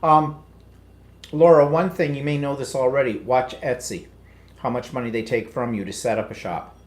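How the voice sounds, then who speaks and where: A man's voice: mid-range voice, steady tone, moderate pace. A man co-hosting a casual live chat show, teasing his co-host and steering the talk back on track. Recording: roomy echo.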